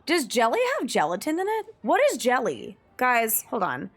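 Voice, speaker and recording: A woman's voice: fairly high pitch, huge pitch swings, normal speed, faint music behind. A young woman streamer in casual live-stream chat, musing aloud and reading search results. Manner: chatty and musing, reads search results aloud with frequent laughs.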